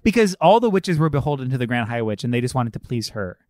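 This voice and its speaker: A man's voice: medium pitch, sing-song, fast talker, darkish tone, dry recording, clean studio sound. A young man co-hosting a podcast, chatting casually and animatedly, swearing freely and acting out quotes in shifting voices. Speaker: podcast co-host. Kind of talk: casual chat.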